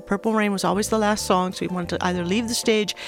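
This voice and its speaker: An older woman, a former recording technician, telling a story in an unhurried, reflective way as an interview guest. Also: medium pitch, fairly even intonation, faint music behind. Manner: unhurried and reflective, with small restarts.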